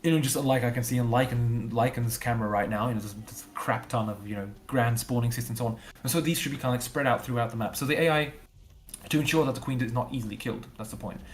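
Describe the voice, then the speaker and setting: A game developer talks through his ideas on a casual livestream. He thinks out loud in long, loose runs, stacking up repeated fillers and restarts as he goes. His voice sits at an ordinary middle pitch for a man. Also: quick pace, soft background music.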